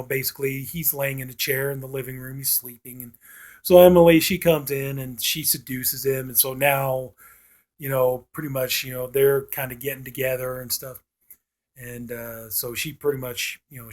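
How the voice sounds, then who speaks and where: A man's voice: medium pitch, a little mellow. A man casually recapping a horror film's plot, rambling with many fillers and briefly acting out the characters' lines. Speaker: film reviewer.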